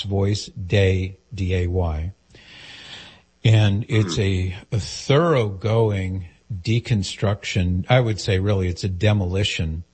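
Husky low-voiced guy, radio host walking a caller through it patiently. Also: a little mellow. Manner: patient, explanatory, spells things out. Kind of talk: call-in radio advice.

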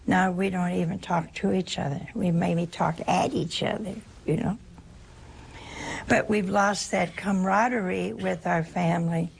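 Very husky gravelly older woman. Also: on the low side, steady tone, a little slow. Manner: chatty, anecdotal, gently humorous. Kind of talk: informal spiritual talk.

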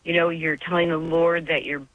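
A woman's voice: deep voice, flat delivery, normal speed, dry recording. A woman calling in to a radio show, talking in an earnest, emotional, devout way. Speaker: caller. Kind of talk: call-in radio conversation. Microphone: phone. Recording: dull dry phone line.

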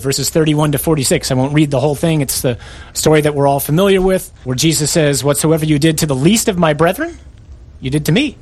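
Emphatic preacher man, fairly high voice. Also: darkish tone, slightly rough. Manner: emphatic, rhetorical questions to the listeners. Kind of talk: sermon.

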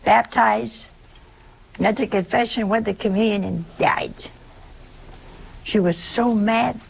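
An older woman delivers a sermon in an unhurried, gravelly voice. She talks to her listeners directly, leaning on rhetorical questions for emphasis. A faint hiss sits under the recording. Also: fairly high pitch. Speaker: preacher.

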